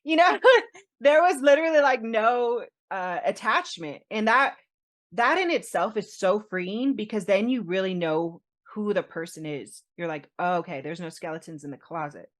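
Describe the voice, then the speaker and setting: A woman podcast co-host telling a personal story in casual chat, animated, laughing often and acting out what others said. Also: mid-range voice, moderate pace.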